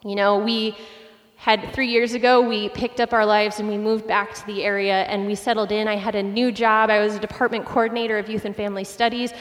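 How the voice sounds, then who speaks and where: A woman pastor in her late twenties, preaching a sermon with animated, self-deprecating personal stories. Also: medium pitch, fairly quick, few pauses, in a large hall.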